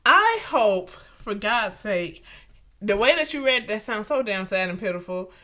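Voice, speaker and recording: Animated, slangy woman with a bright voice. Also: mid-range voice, a little slow. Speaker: podcast co-host. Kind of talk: casual chat.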